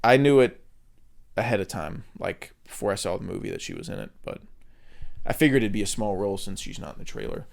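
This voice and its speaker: A man's voice: fairly low pitch, sing-song, fairly quick, gravelly. A man co-hosting a podcast, talking in a casual, rambling way with lots of fillers and restarts. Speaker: podcast co-host. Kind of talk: casual chat.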